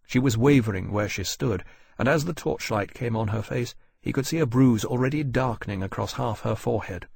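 Casting: male audiobook narrator, husky, dry close studio sound, measured delivery. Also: medium pitch, a little mellow, dry recording. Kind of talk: scripted narration.

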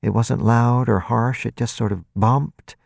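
A man voicing a frail, frightened young woman who speaks barely above a breath, halting and apologetic. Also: medium pitch, gravelly, dry recording, studio quality, pitched above the performer's own voice. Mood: shaken, apologetic. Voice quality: barely audible, soft.

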